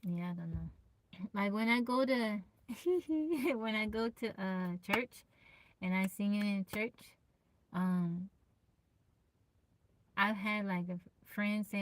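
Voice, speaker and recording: Soft-voiced woman live streamer. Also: a little slow, no echo. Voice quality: naturally low, soft voice. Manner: greets viewers by name, laughs often; pushes to project her voice. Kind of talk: casual live-stream chat. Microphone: phone.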